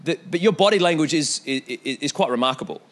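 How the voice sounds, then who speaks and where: A young man preaching a sermon in an animated way, with repeated calls to the congregation and storytelling asides. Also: fairly high pitch, fairly quick. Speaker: pastor.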